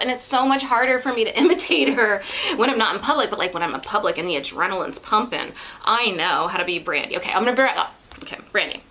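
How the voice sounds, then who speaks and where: A woman chatting casually in a vlog. She rambles, laughs easily and stays animated. Her voice is bright and clear. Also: medium pitch, a little fast, low-quality recording. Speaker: vlogger. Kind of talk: casual chat.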